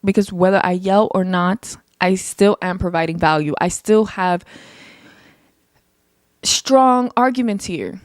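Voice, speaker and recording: A young woman hosting her own podcast, talking casually and passionately, her voice climbing high when she gets heated. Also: unhurried, no room sound, clean studio sound. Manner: passionate, emphatic, rises into heated rants. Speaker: podcast host. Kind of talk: casual solo podcast monologue.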